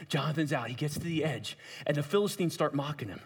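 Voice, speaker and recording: A man preaching a sermon, retelling a story with lively asides to his listeners. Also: on the high side, fast talker, slightly rough. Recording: long hall reverb.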